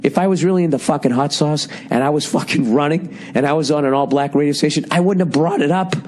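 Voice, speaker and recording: Sarcastic, profane podcast host. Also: male voice, on the high side, quick pace, darkish tone, a little hiss or hum. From United States. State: strained, cracking voice. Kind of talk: casual monologue.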